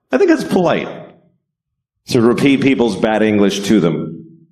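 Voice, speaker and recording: A man doing a stand-up comedy set, swearing freely, with deadpan asides and sudden high-pitched outbursts. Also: measured pace.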